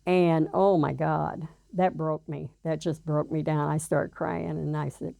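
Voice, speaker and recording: An older woman recounting her life in an interview, halting and full of fillers and restarts. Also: sits low, flat delivery, vocal fry, mellow, dry recording. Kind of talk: personal storytelling interview.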